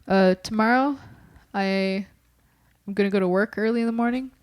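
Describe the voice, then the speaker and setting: A woman's voice: mid-range voice, moderate pace, smooth. A young adult woman co-hosting a podcast in casual chat, rambling, candid and emotional. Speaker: podcast co-host. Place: apartment at night.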